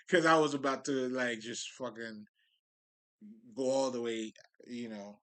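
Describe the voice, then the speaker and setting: Bright-voiced man rambling about spirit. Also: mid-range voice, unhurried, long pauses. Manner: loose, profane street talk, restarts and laughs. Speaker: spiritual speaker. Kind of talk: casual spiritual monologue.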